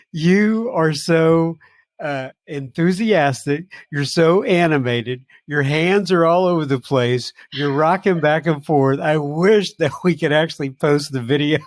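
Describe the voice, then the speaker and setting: A man's voice: fairly high pitch, no echo. A man hosting a podcast, chatting casually with his guest, chuckling often and using many fillers. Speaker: podcast host. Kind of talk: casual interview chat.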